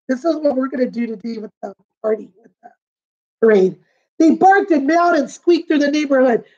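A kindergarten teacher, a woman with a high voice, reads a picture book aloud. She stops to explain pictures and words for the children. The recording sounds dull and lo-fi.

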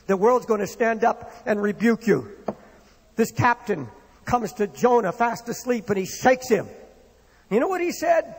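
A man's voice: very high voice, lively intonation, normal speed, husky, long reverb tail. A man preaching a sermon in an impassioned, dramatic way, acting out the words of the people in his stories. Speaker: pastor.

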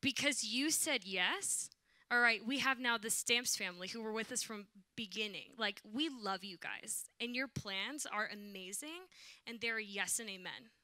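A young woman shares a testimony from the church stage. She is animated and acts out the voices in her story. Her voice sits a little high and is very bright and cutting, with a dry, close sound. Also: normal speed, no echo. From Southern California, USA. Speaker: worship leader. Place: church sanctuary.

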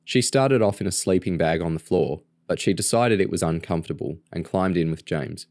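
A man narrating a novel aloud in a steady, even reading voice. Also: deep voice, brisk, no room sound, studio quality. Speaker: audiobook reader. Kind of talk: storybook narration.

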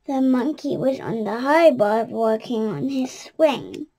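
Woman reading a kids' picture book aloud, high voice, slow and careful. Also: expressive, dark tone. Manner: careful with small restarts. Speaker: storyteller.

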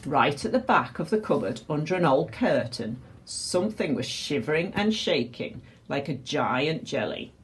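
A woman reading a children's picture book aloud with expressive, animated delivery. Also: low-pitched, moderate pace, hardly any pauses, a little hiss or hum. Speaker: storyteller.

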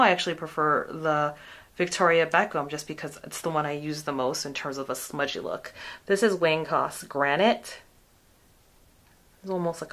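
A woman with a notably low-pitched voice talks through makeup swatches in a relaxed, chatty way. She fills her sentences with "like" and "um" as she compares products for her viewers. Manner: chatty, many "like" and "um" fillers. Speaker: beauty vlogger. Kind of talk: casual product review.

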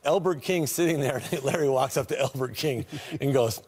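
A man telling animated, laughing stories about a former teammate, full of fillers. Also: fairly high pitch, normal speed. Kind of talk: casual storytelling.

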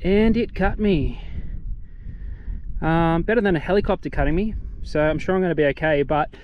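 A man's voice: on the high side, normal speed, dull audio, a little hiss or hum. A young Australian man vlogging casually outdoors on a mountain, a little out of breath, rambling and poking fun at himself. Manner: chatty, self-deprecating, rambling asides. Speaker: travel vlogger. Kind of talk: casual travel vlog.

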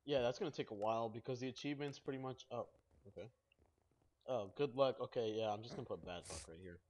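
A young man hosting a casual gaming video, goofy and excitable, rambling as he plays. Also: medium pitch, quick pace, a little hiss or hum. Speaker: host. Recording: dull lo-fi mic.

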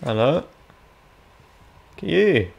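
Slow-talking gravelly man playing a game. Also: on the high side, big pitch swings. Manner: chatty, swears freely, reacts out loud to the game. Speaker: gaming video creator. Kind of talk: casual gameplay commentary.

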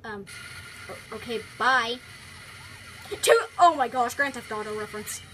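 A young woman commenting on a video game she is playing, excitable, with quick exclamations and teasing of the character on screen. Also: fairly high pitch, a little hiss or hum. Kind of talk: let's play commentary.

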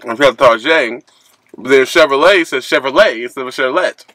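A man's voice: medium pitch, very fast, fairly bright tone, dry recording. A man who drives a truck, chatting casually with his partner in a joking, slangy and profane way. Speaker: trucker vlogger. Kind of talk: casual chat. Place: truck or sandwich shop.

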